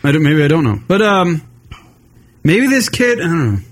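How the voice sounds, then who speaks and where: A man co-hosting a radio talk show, swearing freely and mocking loudly in crude comedic banter. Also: fairly high pitch, very animated, moderate pace. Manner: profane, loud, mocking. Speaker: co-host.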